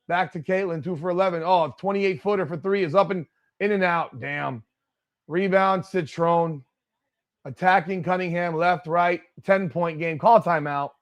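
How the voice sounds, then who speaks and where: The recording is muffled as a high-pitched man streams a live watch-along, giving play-by-play commentary. He's profane and blunt, with frequent exasperated outbursts.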